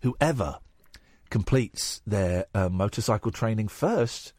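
An English man hosting a late-night phone-in show, telling stories in an animated way on a studio microphone. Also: on the low side, slow, dry recording. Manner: animated storyteller, slipping into silly voices. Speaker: radio phone-in host. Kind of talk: late-night radio chat.

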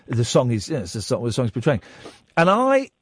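A man's voice: medium pitch, huge pitch swings, brisk, breathy edge. A man in his forties hosting late-night talk radio, rambling wryly and mocking himself. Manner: wry, rambling, self-mocking. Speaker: radio talk show host. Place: radio studio.

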